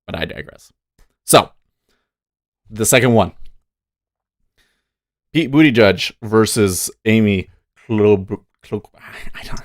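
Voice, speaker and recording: A man's voice: on the low side, animated, slow pace, long pauses, no room sound. Opinionated male streamer, casual rambling delivery, dry sound. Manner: opinionated, rambling, talks back to chat. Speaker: livestream day-trading host. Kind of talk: casual live-stream commentary.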